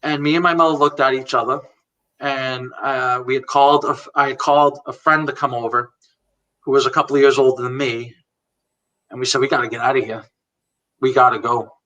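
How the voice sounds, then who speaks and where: Bright-voiced man telling his story. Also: medium pitch, steady tone, fairly quick, muffled recording. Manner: candid, retells conversations word for word, laughs now and then. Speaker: guest. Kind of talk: personal storytelling in a live chat. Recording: voice a bit far from the mic.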